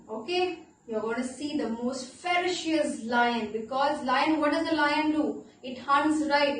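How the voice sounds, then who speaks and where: A high-pitched woman teaching young children, with an Indian English accent and an unhurried, playful way of asking questions. Her voice rings in a very echoey room, picked up from some distance away. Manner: animated, playful, asks children questions and spells words out slowly. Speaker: primary school teacher. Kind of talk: online class lesson for young children.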